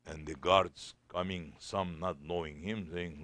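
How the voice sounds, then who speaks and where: A man's voice: low-pitched, steady tone, unhurried, a bit bright. A man preaching a sermon as a sheikh, telling stories in simple non-native English.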